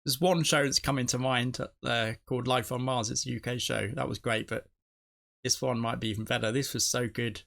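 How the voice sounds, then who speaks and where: A man's voice: mid-range voice, steady tone, fairly quick, creaky, a bit bright. A man hosting a TV reaction video, talking casually and emotionally as he thinks aloud, often restarting his sentences. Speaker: TV reaction channel host.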